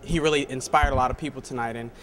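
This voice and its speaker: A man's voice: medium pitch, steady tone, fast talker, fairly bright tone. A man giving an earnest, hesitant audience testimonial. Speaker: audience member. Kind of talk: sincere testimonial. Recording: noisy recording.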